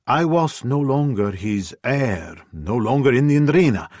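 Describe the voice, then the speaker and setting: Low-voiced guy reading an audiobook, measured and brooding, dry close sound. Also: no echo. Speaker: audiobook narrator. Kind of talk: first-person audiobook narration.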